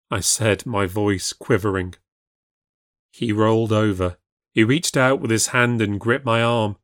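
A man giving scripted narration of a ghost story, reading in a measured, steady way. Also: fairly low pitch, no echo, studio quality.

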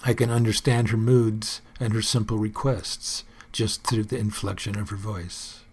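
A man's voice: lowish voice, steady tone, unhurried, husky. A man hosting his own personal report, musing aloud in an earnest, casual monologue.

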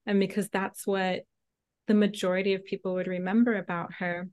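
A woman's voice: mid-range voice, little pitch movement, fairly quick, darkish tone. A woman guest, a priestess, explaining spiritual history in a fervent, preaching cadence.

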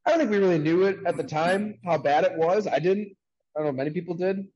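A man hosting a casual sports podcast over a video call from a sports bar, talking in an upbeat, chatty way with quick asides. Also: high voice, warm tone, slightly rough, lo-fi sound. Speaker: podcast host.

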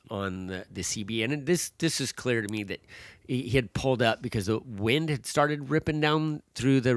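A father appears as a guest, casually recounting a long hiking story full of fillers and restarts. His voice is medium-pitched and a bit bright, with no room sound at all.

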